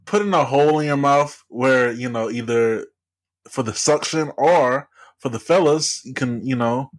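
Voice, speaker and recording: A man's voice: medium pitch, a little slow. A man co-hosting a casual chat, playful and joking. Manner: playful, joking, lively delivery. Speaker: podcast co-host.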